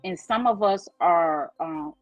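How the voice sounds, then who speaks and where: A woman's voice: fairly low pitch, takes it slowly, no echo, highs cut off, soft background music. A woman guest from New Orleans with a New Orleans accent, telling stories in a casual chat and laughing often. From New Orleans, USA. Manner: conversational storytelling, laughs often.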